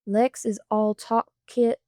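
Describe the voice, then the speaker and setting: Storybook teen read by a woman: fifteen-year-old boy on the road, steady, earnest, firm. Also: on the high side, slow pace, no echo, studio quality.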